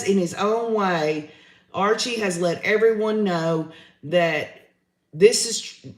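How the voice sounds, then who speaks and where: A man's voice: high voice, fairly bright tone, roomy sound. A man, hosting a livestream, giving his opinions in a chatty way and reading out viewer comments. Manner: chatty, opinionated, says y'all often. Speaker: livestream host reading chat.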